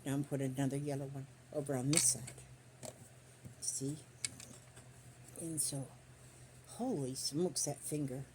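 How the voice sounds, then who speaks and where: A woman's voice: low-pitched, noisy background. An older woman vlogging as she sews quilt squares, rambling through folksy stories in a chatty country way. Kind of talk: casual chat while sewing. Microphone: phone on a stand.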